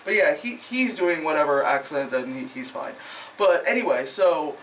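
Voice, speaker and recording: A vlogger rambles through a casual movie review, cursing freely, laughing often and filling every gap with "like" and "you know." The voice sits at a mid pitch and sounds set back from the microphone. A faint hiss of background noise runs underneath. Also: big pitch swings, moderate pace, a bit bright, recorded from a distance. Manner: rambling, profane, laughs often, many fillers. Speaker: film reviewer.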